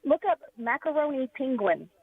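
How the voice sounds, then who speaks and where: A woman's voice: high-pitched, big pitch swings, moderate pace, slightly rough, dry recording. A woman calling in to a radio show, explaining at length with many hesitant ums. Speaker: caller. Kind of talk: phone call to a radio show. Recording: tinny phone line.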